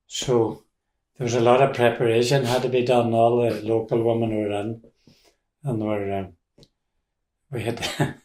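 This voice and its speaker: A man's voice: medium pitch, darkish tone. An older man with a Donegal accent telling rambling family stories in casual talk, with restarts and chuckles. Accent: Irish, Donegal. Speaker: interviewee. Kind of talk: casual storytelling. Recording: roomy echo.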